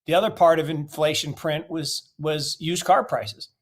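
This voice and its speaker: A middle-aged man from the United States answers an interviewer's questions with a slightly high voice. He is blunt and emphatic and piles up rhetorical questions to drive his point home. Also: moderate pace. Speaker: investment guest.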